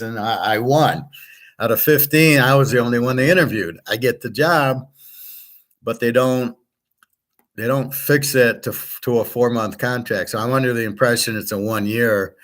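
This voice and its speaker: A man's voice: medium pitch, a little slow, a bit bright. A man hosting his own show, ranting casually and with frustration, swearing and acting out the exchanges he quotes. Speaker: sports picks show host. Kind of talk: casual monologue.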